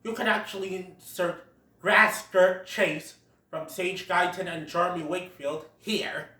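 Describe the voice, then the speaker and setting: A movie reviewer gives a chatty, giggly play-by-play of a cartoon film, quoting lines as he retells it. The mid-range voice is unhurried, bright and forceful, captured in a roomy, echoey space away from the mic.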